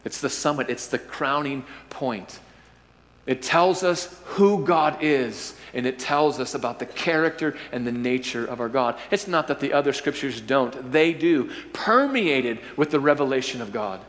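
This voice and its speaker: A male pastor preaching a sermon, with emphatic, drawn-out stresses and rhetorical questions. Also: medium pitch, animated, fairly bright tone. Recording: hall reverb.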